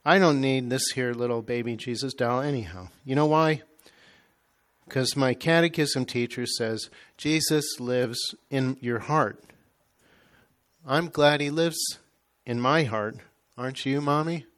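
A man's voice: mid-range voice, a little slow, fairly bright tone, close to an everyday voice. A man reading a story aloud, voicing an earnest little girl pleading with her mother. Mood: excited.

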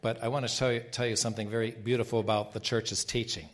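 A man's voice: lowish voice, flat delivery, fast talker. A man who is a Catholic bishop, telling rambling travel stories in a casual talk with frequent restarts. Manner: rambling anecdotes with laughs and restarts.

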